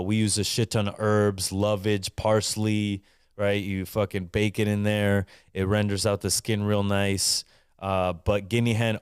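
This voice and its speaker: A man's voice: fairly low pitch, smooth, no room sound, clean studio sound. A man who is a chef hosting a live call-in show, telling a kitchen story in casual, profane, emphatic talk and often asking "right?".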